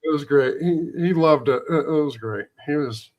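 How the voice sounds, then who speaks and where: Guest, male, slightly higher voice, halting and fond storytelling. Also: a little mellow, muffled recording. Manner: halting, fond reminiscing with many restarts. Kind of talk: casual chat.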